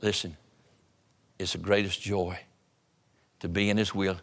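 A man preaching a sermon to his church in a conversational way, repeating phrases and dropping his voice low for emphasis. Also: little pitch movement, measured pace, a bit bright. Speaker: pastor.

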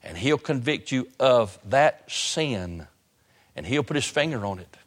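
A man's voice: mid-range voice, animated. Brief: male pastor, sermon delivery, repeats lines and drags key words, long church reverb. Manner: preaching with repetition and sudden slow emphasis. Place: church sanctuary.

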